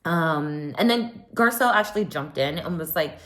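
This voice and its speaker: A woman with a low voice talks through a reality show episode in a loose, chatty way. She fills her talk with ums and likes, and she gets lively and playful whenever she acts out what the cast said. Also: normal speed, few pauses. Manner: gossipy, animated when quoting others, lots of um and like. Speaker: reality TV recap host. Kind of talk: casual chatty recap.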